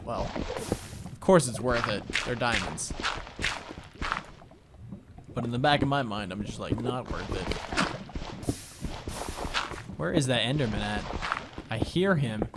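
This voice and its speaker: A man's voice: medium pitch, lively intonation, a little slow, pauses often. A young man telling rambling stories while commenting on a video game he is playing, with lots of fillers. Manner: rambling storytelling with many fillers. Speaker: let's play commentator. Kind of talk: casual gameplay commentary. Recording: home recording with audible background noise. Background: clicking sounds.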